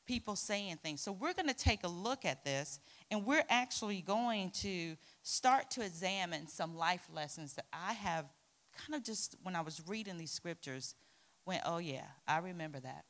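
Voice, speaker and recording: A middle-aged woman preaching to a youth group, telling a personal story with lively acted-out quotes. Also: on the low side, normal speed. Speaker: youth pastor.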